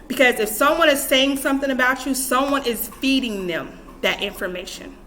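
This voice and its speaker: A woman's voice: high voice, brisk, pushed and bright, a little hiss or hum. A young adult woman giving casual, emphatic advice to camera in a vlog, repeating her points and talking to herself. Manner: repetitive, emphatic, self-talk asides. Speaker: vlogger.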